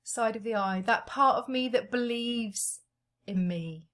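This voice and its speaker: A woman guides listeners through an emotional tapping routine, naming each point on the face and body in turn. Her voice sits fairly high and she takes her time, leaving space between the phrases. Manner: slow, gentle, calling out tapping points. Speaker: EFT tapping practitioner.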